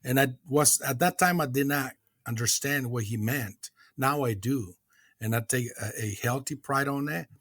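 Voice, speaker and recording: A middle-aged man from Mexico, a guest in a recovery podcast conversation, speaking earnestly and reflectively with many hesitant pauses and restarts. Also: mid-range voice, a bit bright, dry recording, clean studio sound.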